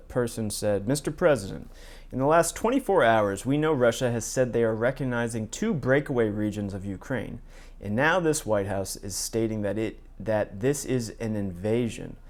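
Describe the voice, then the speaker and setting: Male commentary host, lowish voice, sardonic, reads news aloud with casual asides. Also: a little slow. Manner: sardonic, reads quotes in his own plain voice; frequent fillers and restarts, asides.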